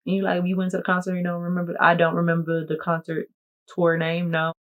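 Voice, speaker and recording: A woman content creator chatting casually to camera in a playful, jokey, animated way. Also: on the low side, fast talker. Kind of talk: casual vlog talk to camera.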